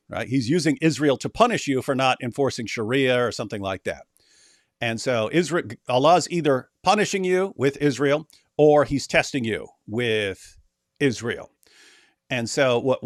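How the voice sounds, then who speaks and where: A man co-hosting a livestream, talking casually and mockingly, sometimes putting on shrill whining voices. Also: dry recording, studio quality. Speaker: livestream co-host.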